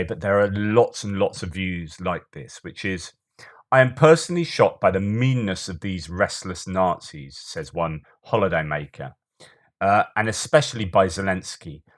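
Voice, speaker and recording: A man with a fairly low voice delivers solo commentary on the news. He keeps things conversational, trips over his words and restarts often, and slips into sarcastic asides. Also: a bit bright.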